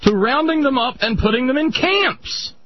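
A man hosting a radio talk show, animated, sarcastic and incredulous. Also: very high-pitched, normal speed, breathy edge. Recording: muffled radio broadcast.

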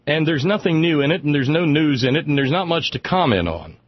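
A man's voice: a little high, expressive, fairly quick, breathy edge, no echo, muffled recording. A man hosting a radio talk show, delivering sardonic, rambling political commentary and stumbling over repeated words as he gets worked up.

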